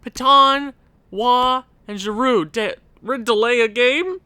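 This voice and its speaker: A man's voice: very high-pitched, slow, sharp tone, smooth, dry recording. A young man giving casual gameplay commentary as a video creator, ranting in exasperation at the game with sighs and rueful laughs.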